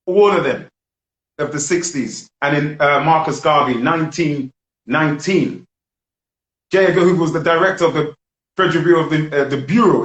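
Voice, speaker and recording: A male host with a slightly raised voice, talking in an impassioned, preachy way. His voice bounces around an echoey room. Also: on the high side. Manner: preachy and animated, leads call-and-response chants. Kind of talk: live online film review chat.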